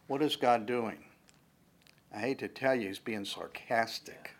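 A man's voice: mid-range voice, unhurried. A man preaching a conversational sermon, joking along the way, with frequent fillers and restarts.

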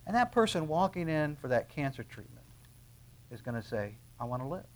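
A man preaching a sermon in a conversational way, acting out little dialogues and swinging between quiet asides and loud emphasis. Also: fairly high pitch, very animated, moderate pace. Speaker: pastor.

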